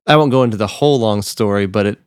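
A man's voice: fairly low pitch, fast, clean tone, no echo, studio quality. Easygoing man in his forties. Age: 40s. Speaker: guest musician. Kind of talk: casual podcast chat.

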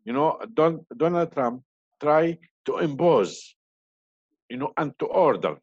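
This male interview guest on an online panel sounds a little high and a bit mellow, with lively intonation and an unhurried pace. He hesitates often, filling gaps and restarting, and the dry lo-fi recording has no room sound and a dull quality.

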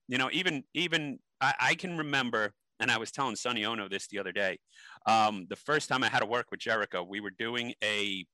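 A man's voice: medium pitch, pushed and bright, no echo, rough recording. A man being interviewed, telling stories animatedly with many ums and restarts. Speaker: interview guest. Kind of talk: casual interview storytelling.

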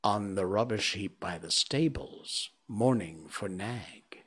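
A man voicing a small, silly male tailorbird who talks in an excited, sing-song, praising way. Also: lowish voice, takes it slowly, slightly rough, voice pushed down, heavily acted.

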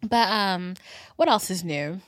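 A Caribbean woman in her twenties hosts a podcast, telling stories in a casual, animated monologue that dips into whispers and high squeals. She speaks at a slow pace, and the recording is dry and studio quality.

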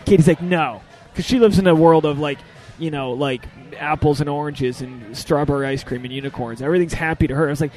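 Young guy comic rambling thru a story, cursing a lot, does the voices, kinda high pitched. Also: fast talker, few pauses. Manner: animated, profane, acts out quotes. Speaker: podcast host and stand-up comedian. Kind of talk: casual storytelling chat.

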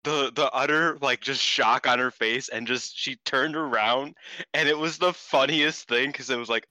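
A man co-hosting a casual wrestling chat, animated and swearing freely, acting out what others said. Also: medium pitch, normal speed, no room sound. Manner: animated, swears often, acts out quotes. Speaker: podcast co-host.

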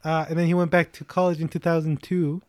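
A young man chats casually, rambling as he tells a story and filling pauses with ums and uhs. The sound is close and dry, with no room around it. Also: a little high, level tone, darkish tone, no room sound. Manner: rambling, chatty storytelling with many fillers. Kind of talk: casual chat.

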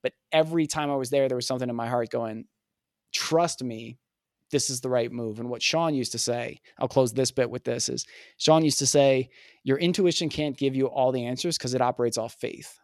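A man guesting on a podcast, telling a personal story in an earnest, animated way and acting out the dialogue. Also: medium pitch, brisk, dry recording, studio quality. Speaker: podcast guest, communication coach.

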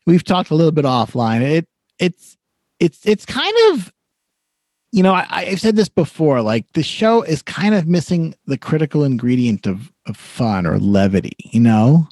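A man's voice: a little high, very animated, moderate pace, darkish tone, dry recording. Chatty rambling man, dry close mic. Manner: chatty, rambling, frequent fillers and restarts. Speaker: podcast co-host. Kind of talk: casual chat.

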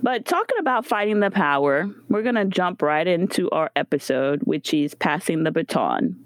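A woman's voice: on the low side, big pitch swings, moderate pace, dry recording. A woman co-hosting a podcast, talking through her thoughts with frequent fillers in casual chat. She grew up in the United States. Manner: reflective, thinks aloud with fillers. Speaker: podcast co-host.

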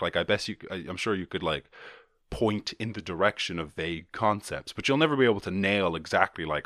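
A man's voice: deep voice, fairly quick, a bit bright, no room sound, studio quality. A man hosting a solo podcast, rambling and swearing casually with many restarts. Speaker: podcast host.

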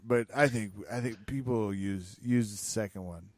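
A man's voice: lowish voice, fairly even intonation, normal speed, no echo. Male podcast co-host, wry and dry, close recording. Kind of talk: casual chat.

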